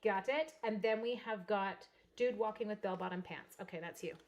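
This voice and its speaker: A woman's voice: mid-range voice, normal speed, dull audio. Chatty woman demonstrating a craft live. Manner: chatty, greets live viewers by name; drops to soft murmurs while working. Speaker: card-making demonstrator.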